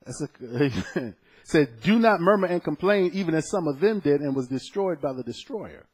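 A man with a husky, slightly high voice preaches a sermon. He talks like he is chatting with the congregation and tells personal stories between Bible verses. His delivery swings from quiet, low asides to loud, raised points. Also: normal speed. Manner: conversational, animated storytelling with scripture quotes.

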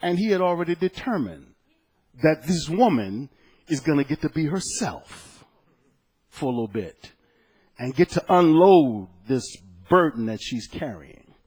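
Preaching pastor, loud then hushed. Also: male voice, on the high side, very animated, unhurried, slightly rough. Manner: swings from loud exclaiming to soft, hushed storytelling. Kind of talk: sermon with personal story.

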